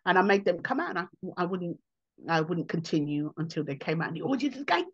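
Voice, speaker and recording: A woman comedian, answering interview questions in an animated way and acting out other people's voices. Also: fairly low pitch, fast talker, husky, muffled recording.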